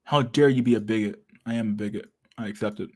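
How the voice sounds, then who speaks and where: A man's voice: on the low side, fast talker, warm tone. A man hosting a casual livestream, reacting to memes with loose, profane talk and frequent laughter.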